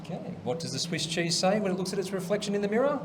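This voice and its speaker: Aussie bloke host telling jokes, high voice jumping all over, noisy studio sound. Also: male voice, very animated, racing. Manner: chatty storyteller who acts out voices and laughs at his own punchlines. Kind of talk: telling jokes on a comedy show.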